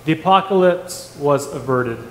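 A man leading a casual Bible study, animated, asking the group rhetorical questions and restarting his sentences. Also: on the high side, normal speed. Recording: echoey hall, faint room noise.

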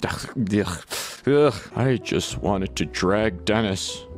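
A young man giving excited gameplay commentary, switching from hushed whispers to loud squeals. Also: lowish voice, takes it slowly, soft background music. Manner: animated, jumps between whispers and loud squeals. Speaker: gaming YouTuber.

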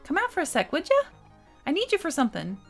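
A woman's voice: extremely high pitch, wildly swooping pitch, fast, faint music behind, voice pushed up, exaggerated voice. A woman voicing a sulky, rebellious teenage girl who answers with bratty, exasperated retorts, reading video game dialogue. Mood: impatient.

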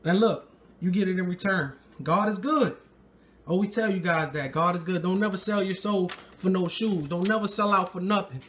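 A man hosting a sneaker unboxing vlog, excitable and slangy, talking straight to his viewers. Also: high-pitched, normal speed, slight background noise. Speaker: sneaker vlogger.

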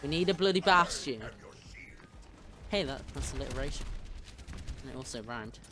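A man's voice: mid-range voice, moderate pace. A man with a British accent joking and making callouts while playing a team shooter with a friend. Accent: British English. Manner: jokey, swears mildly, excitable callouts. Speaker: gamer streaming with a friend. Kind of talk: casual gaming banter.

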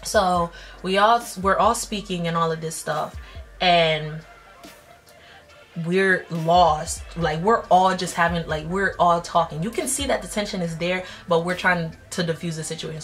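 A woman in her twenties telling a personal story in a casual vlog, blunt and slangy, jumping up in pitch when she acts out quotes. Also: normal speed, soft background music. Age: 20s. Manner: animated, jumps up in pitch when acting out quotes; slangy, blunt, self-mocking. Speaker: vlogger.

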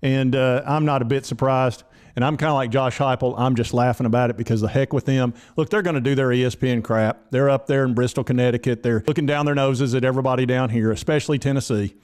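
A man's voice: medium pitch, fairly even intonation, fast, a little mellow, clear, resonant tone. A man, a sports vlogger who rants in a folksy, exasperated way. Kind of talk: casual sports commentary.

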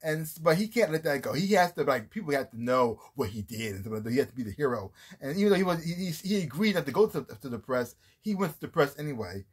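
A man's voice: fairly high pitch, sing-song, fast talker, hardly any pauses, husky. A man giving a casual, rambling review of a TV series, often restarting his sentences and acting out scenes as he retells them. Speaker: TV show reviewer.

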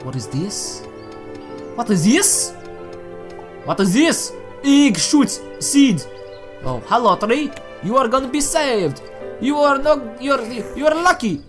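A woman giving casual let's-play commentary at her computer, excitable and chatty, often chatting to objects in the game. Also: a little high, slow pace, pauses often, soft background music. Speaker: gaming channel host.

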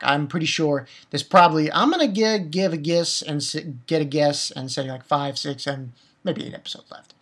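A woman casually reviewing an anime episode, excitable and blunt, swearing freely and often restarting her words. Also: on the low side.

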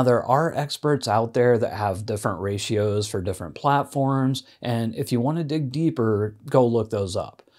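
A man's voice: medium pitch, a little mellow. A man who is an independent filmmaker, giving practical social media marketing tips straight to camera in a conversational way. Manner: conversational, practical, with casual fillers. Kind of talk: direct-to-camera advice talk.

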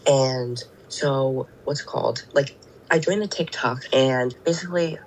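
A woman's voice: a bass voice, a little slow, low-quality recording. A woman guest telling a story casually, rambling and filling with "like". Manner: rambling, fills with "like". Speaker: guest friend.

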